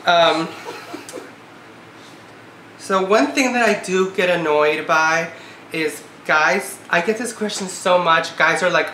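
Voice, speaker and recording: A woman in her twenties talks through a casual vlog, her words full of "like" and a note of exasperation. Her voice has a bright, sharp edge. The recording has a roomy echo. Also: lowish voice, takes it slowly, pauses often, a little hiss or hum. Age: 20s. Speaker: vlogger. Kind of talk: casual chat. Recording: echoey room.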